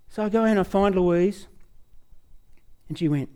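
Animated Australian man telling a story. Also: high-pitched, unhurried. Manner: animated, chatty, trails off with "anyway". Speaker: speaker at a church talk. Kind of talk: storytelling testimony.

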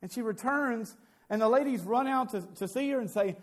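High-voiced male pastor preaching. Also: brisk. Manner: earnest, repeats words when emphasizing. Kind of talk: sermon.

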